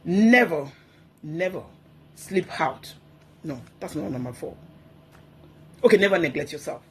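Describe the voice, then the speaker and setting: A woman speaks as a guest on a talk program. She exhorts her listeners in a forceful, preachy way and repeats key phrases to drive her points home. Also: low voice, expressive, measured pace, slight background noise. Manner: emphatic, exhorting, repeats herself.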